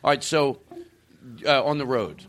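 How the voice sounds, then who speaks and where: Animated rambling middle-aged man. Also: mid-range voice, a little slow, slight background noise. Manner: animated, rambling, laughs often. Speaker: podcast host. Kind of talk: casual comedic chat.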